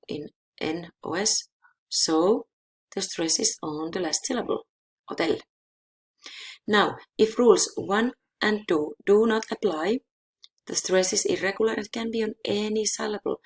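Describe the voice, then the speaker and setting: A Spanish teacher with a low, husky voice and vocal fry gives a language lesson, patiently explaining grammar rules. She slowly repeats example words and keeps checking in with viewers by asking "okay?"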